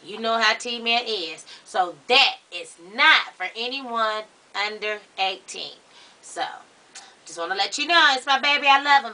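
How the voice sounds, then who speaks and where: A man's voice: sharp tone, distant mic, full character voice. A man playing a gossipy, sassy middle-aged Baptist woman, chatting dramatically to the viewers. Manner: chatty, dramatic, rising to shrill outbursts. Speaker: comedy character show host. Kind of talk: character comedy monologue to camera.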